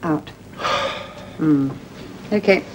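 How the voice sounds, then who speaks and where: Brisk clipped doctor. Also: female voice, low voice. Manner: clipped, businesslike. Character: brisk woman doctor examining a patient. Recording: noisy broadcast recording.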